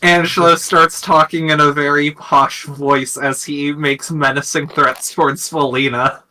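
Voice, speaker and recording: A man's voice: fairly high pitch, little pitch movement, unhurried, bright, forceful tone, recorded from a distance, a little hiss or hum, poor audio. A man playing a tabletop game, chatting casually and tossing out playful, silly what-if ideas. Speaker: tabletop player.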